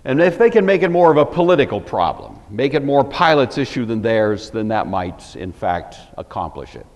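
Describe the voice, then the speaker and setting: A man lectures on a Bible passage in a relaxed, conversational way, thinking aloud and adding asides as he goes. His pitch moves up and down freely. The sound carries the long reverb of a large hall. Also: normal speed. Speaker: Bible teacher.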